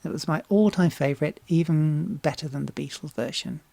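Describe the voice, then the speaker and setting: Woman singer doing a reaction vlog, gravelly creaky voice, super dry close sound. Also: deep voice, brisk, dry recording. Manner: candid, chatty, swears casually, drops to soft asides. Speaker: singer and reaction channel host. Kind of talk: casual reaction vlog talk.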